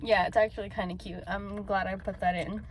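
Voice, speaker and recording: A woman's voice: medium pitch, level tone, fairly quick, a little hiss or hum, low-quality recording. A young woman chatting casually about fan fiction she co-wrote, amused and chiming in. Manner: amused, chimes in with reactions. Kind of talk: casual chat.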